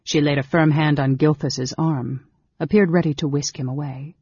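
A man reading a fantasy novel aloud as audiobook narrator, in a steady, measured way. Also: fairly high pitch, slightly rough, dry recording. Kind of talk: scripted narration. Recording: dull lo-fi recording.

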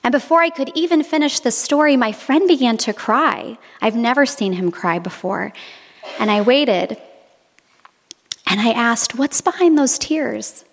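Woman preacher, reflective storytelling sermon, fairly high voice, long reverb. Good for a church homily read. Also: a little slow. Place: monastery.

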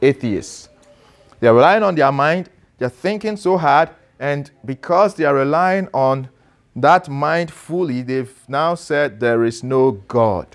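A man gives a relaxed, interactive sermon. He talks to his listeners as a pastor and teacher would. He asks questions and calls on people by name to read. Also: mid-range voice, slow.

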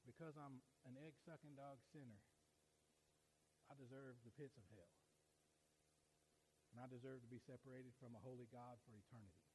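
A man, preaching a sermon in a folksy way that swings from quiet to loud. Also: mid-range voice, moderate pace, pauses often, a little hiss or hum, poor audio.

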